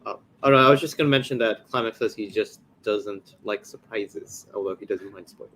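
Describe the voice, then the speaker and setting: A man hosting a podcast in a relaxed, hesitant way, passing on messages from the chat. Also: fairly low pitch, fairly quick, a little hiss or hum, rough recording. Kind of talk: casual chat.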